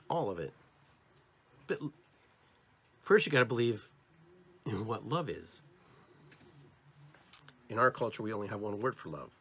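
An American man speaks to his listeners in a spiritual podcast monologue. His voice has a slightly husky edge. He talks with animated, expressive inflections, and his pitch moves widely. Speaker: podcast host.

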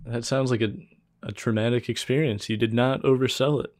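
A man co-hosting a casual podcast, recapping a film in a laid-back, even-toned way. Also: medium pitch, a little fast, no echo, studio quality. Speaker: podcast co-host.

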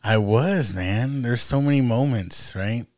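A man in casual chat, soft-spoken and trailing off as he talks. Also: medium pitch, a little slow, no echo, clean studio sound.

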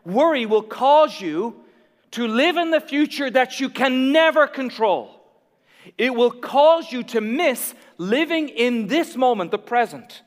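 A man preaching a sermon, emphatic and repetitive, swinging from hushed to loud. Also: sits high. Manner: emphatic, repeats key lines, drops to near whisper then builds. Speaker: pastor. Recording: long reverb of a large hall.

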